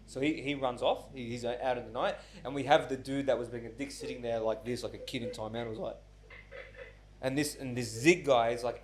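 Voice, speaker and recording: A man in his twenties or thirties tells stories on his podcast in a loose, unfiltered way. He swears freely and jumps into the voices of the people in his stories. His pitch sits at an ordinary middle height for a man. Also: fast. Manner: animated storyteller who acts out quoted voices, swears often. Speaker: podcast host. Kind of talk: casual storytelling chat.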